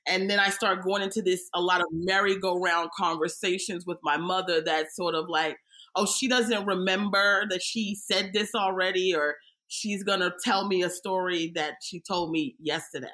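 A woman comedian from the United States talking casually on a podcast, telling animated stories with quick impressions. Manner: animated storytelling, bursts into high mock-wailing impressions. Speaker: comedian guest.

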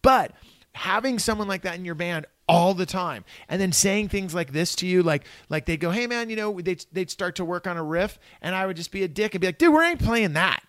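A man's voice: high-pitched, brisk, no echo, studio quality. A middle-aged man from Northern California telling stories in a casual conversation, swearing freely and acting out what people said. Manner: animated, profane, acts out quoted dialogue. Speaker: guest.

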